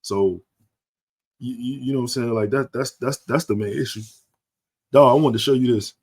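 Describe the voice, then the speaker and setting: A man's voice: mid-range voice, moderate pace, darkish tone, husky. A man co-hosting a podcast in casual chat, talking with laid-back slang and thinking aloud as he goes. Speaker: podcast co-host.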